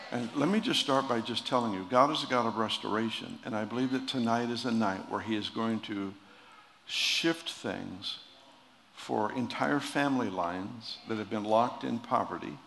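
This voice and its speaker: Male preacher, jokey and halting, gravelly voice, long hall reverb with faint noise. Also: mid-range voice, fairly bright tone. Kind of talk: sermon with jokes.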